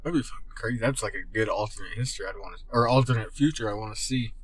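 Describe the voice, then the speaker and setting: A man's voice: lowish voice, racing, slightly rough. A man co-hosting a podcast, chatting casually, laughing often and swearing freely. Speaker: podcast co-host. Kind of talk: casual chat.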